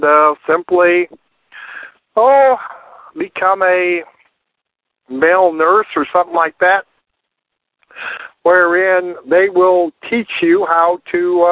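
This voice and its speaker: A man's voice: sits high, no echo. An American man hosting a radio call-in show, asking meandering, chatty questions. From United States. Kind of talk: casual call-in chat. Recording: dry tinny phone-like line.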